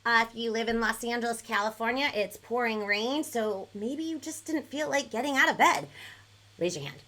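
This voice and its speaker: A woman hosting a live online music show for children, bubbly and animated, cheering and counting along with her young viewers. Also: fairly high pitch, moderate pace. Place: home in Los Angeles. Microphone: headphones on, live stream.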